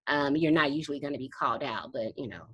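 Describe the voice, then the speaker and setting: A woman's voice: very deep voice, lively intonation, fast talker, a bit bright, slightly rough, dry recording. A woman explaining meeting procedure to a study group over a video call, laughing often and correcting herself as she goes. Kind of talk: online teaching session.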